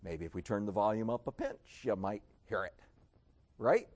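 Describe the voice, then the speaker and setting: A man preaching a sermon in an emphatic, sarcastic way, dropping to a hush and then rising again. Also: fairly low pitch, sing-song, moderate pace. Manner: emphatic, sarcastic, swings between loud and hushed.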